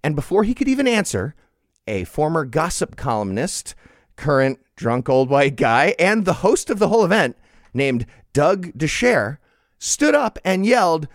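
A man's voice: a little high, no echo, clean studio sound. A man co-hosting a comedy news podcast, reading quotes aloud with sarcastic comic emphasis. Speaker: podcast co-host. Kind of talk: casual comedic news chat.

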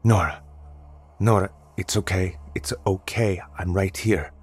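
Frightened husband, voiced by a man, shaky, uncertain, pleading, low voice. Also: steady tone, a little slow, breathy edge.

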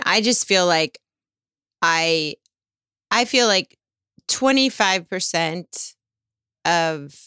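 A middle-aged woman talks with real emphasis, poking fun at herself as she goes. Her voice is crisp and resonant, and the recording is close and dry. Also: lowish voice, no echo. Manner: emphatic, animated, self-mocking. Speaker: podcast co-host. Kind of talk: casual chat.

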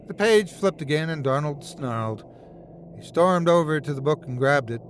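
A man narrating a horror story in a measured, dramatic way. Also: fairly high pitch, lively intonation, slight background noise.

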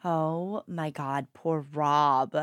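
A woman's voice: deep voice, steady tone, extremely slow, clear, resonant tone, dry recording, studio quality. A woman co-hosting a podcast, chiming in with short, stunned reactions to the story. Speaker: podcast co-host. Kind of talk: casual chat.

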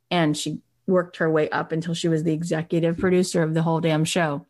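Female host-coach, low voice, emotional and effusive, motivational talk full of casual fillers. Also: level tone, a little fast, few pauses, a little mellow. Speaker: business coach and podcast host.

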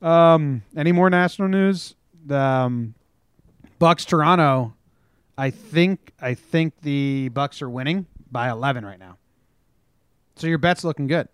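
Young man in animated casual sports chat. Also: on the high side, a little slow, clear, resonant tone, no room sound, studio quality. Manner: animated storytelling, acts out quotes, swears. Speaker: podcast co-host.

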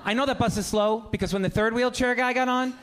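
A man's voice: very high-pitched, steady tone, fast talker, a bit bright, smooth. A man performing a stand-up set with punchy, joking delivery while an audience laughs. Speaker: stand-up comedian.

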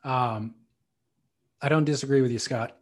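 A man co-hosting a podcast, chatting casually about surfing in a relaxed, teasing way. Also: mid-range voice, moderate pace. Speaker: podcast co-host. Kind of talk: casual surf talk chat.

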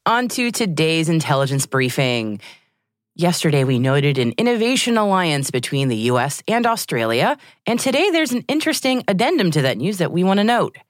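A woman hosts a news show and reads out the headlines, her pitch rising and falling a lot as she goes. Her delivery is clear and articulate. The sound is close and dry. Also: normal speed, dry recording. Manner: lively, articulate newsreader delivery. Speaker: news podcast host. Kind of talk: scripted news reading with banter.

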